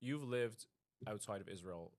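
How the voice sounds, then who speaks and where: A man's voice: on the low side, expressive, a little slow. A man with a Canadian accent hosting a casual interview, asking teasing, jokey questions. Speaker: host.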